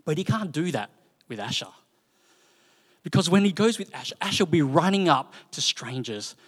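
Male preacher, chatty and animated, slightly high voice, long reverb from a church hall. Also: moderate pace, slightly rough. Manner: conversational, animated storytelling with frequent fillers. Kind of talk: sermon.

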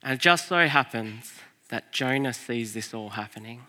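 A man preaching a sermon as pastor, telling a family story in an animated way, swinging from loud to hushed. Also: mid-range voice, moderate pace. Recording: long hall reverb.

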